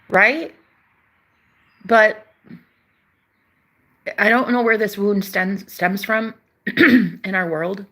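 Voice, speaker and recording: Young woman, bright and forceful, casual spiritual vlogger, preachy and emphatic, swears, calls viewers baby. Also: medium pitch, very slow, long pauses. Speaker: spiritual channel host. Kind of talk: casual spiritual talk to camera.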